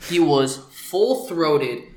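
Man, casual storytelling chat, lively swooping pitch, roomy echo, faint background hum. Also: extremely slow. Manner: animated, acts out quoted people.

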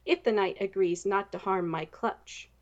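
A woman voicing a huge, proud mother dragon who speaks slowly and haughtily with a growl. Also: mid-range voice, lo-fi sound, close to an everyday voice. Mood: calm.

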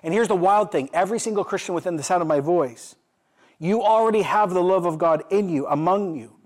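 A man's voice: high voice, a little fast. A middle-aged man preaching a sermon, asking his listeners questions and telling a story, building to emphatic peaks. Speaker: pastor.

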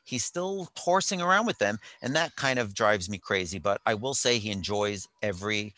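A man's voice: on the low side, animated, normal speed, sharp tone, no room sound. A man telling a rambling story in casual chat, with wry jokes, from a hotel while on vacation. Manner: chatty, rambling, wry asides.

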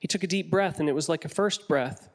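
A man narrating an audiobook in a slightly high voice. He tells the story in a measured, descriptive way, with a steady storytelling pace. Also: long reverb tail.

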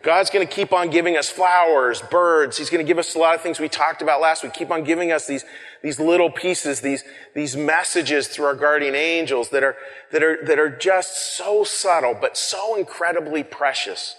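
Male preacher, slightly high voice, conversational sermon with dramatic loud and hushed contrasts, long hall reverb. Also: moderate pace. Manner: swings from shouting to hushed whispers for effect; repeats words and restarts, conversational.

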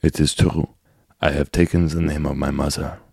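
Improv comedy: a man doing a self-important French brother with a doctorate, low and creaky. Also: level tone, moderate pace, darkish tone, dry recording, studio quality, heavily acted. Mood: haughty. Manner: mock-formal and theatrical.

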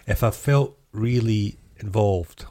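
Lower-voiced Scottish man, dry rambling. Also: slow pace, dark tone, no echo. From Scotland. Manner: dry, rambling, stumbles over words. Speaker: podcast co-host. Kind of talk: casual banter.

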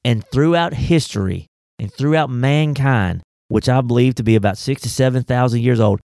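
A man, a pastor talking faith in a casual discussion, folksy and animated, firing off rhetorical questions. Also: medium pitch, moderate pace, no room sound, clean studio sound.

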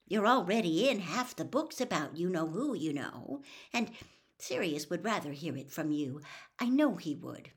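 Woman reader voicing an anxious, sensible schoolgirl, raised pitch, lively, audiobook. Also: breathy edge. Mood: serious. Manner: earnest, persuasive, quick. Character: earnest, anxious, sensible teenage girl. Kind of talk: audiobook character reading.

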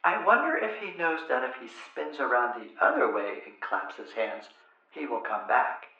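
A man's voice: mid-range voice, big pitch swings, moderate pace, reverberant, lo-fi sound, voice pushed up, natural voice. A man voicing his teasing mother, in a raised, mock-astonished put-on voice. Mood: calm. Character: sly teasing mother playing a trick.

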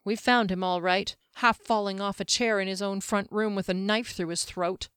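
A woman's voice: mid-range voice, steady tone, normal speed, a bit bright, clean tone, no echo, clean studio sound, lightly acted. Brief: a grim young warrior woman, voiced by the reader, detached and remote, storybook reading.

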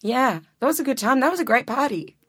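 A woman's voice: sits high, expressive, fast, a bit bright, slightly rough, no room sound. Australian woman, casual chat, laughs a lot, dry close sound. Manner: laughs often, swears casually. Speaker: musician guest.

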